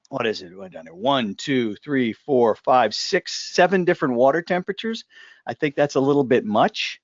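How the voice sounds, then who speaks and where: A man of middle pitch hosts a casual live discussion. He rambles, jokes and restarts his sentences, and his voice comes through a dry, close mic. The sound is a little dull and lo-fi. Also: lively intonation, normal speed, dry recording. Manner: joking, rambling, with asides and restarts. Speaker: host.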